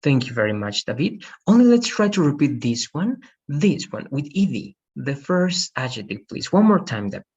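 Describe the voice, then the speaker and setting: A man teaching an online English class, patiently correcting pronunciation and slowly modeling words for his students. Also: medium pitch, sing-song, a little mellow, slightly rough. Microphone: video call. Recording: dull lo-fi video call audio.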